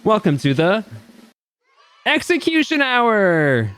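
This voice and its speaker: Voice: medium pitch, sing-song, slow pace, fairly bright tone, no echo, voice pushed up. A streamer voicing a gleeful, sadistic game-show host in a game, with mocking showman patter. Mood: showy. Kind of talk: reading game dialogue aloud.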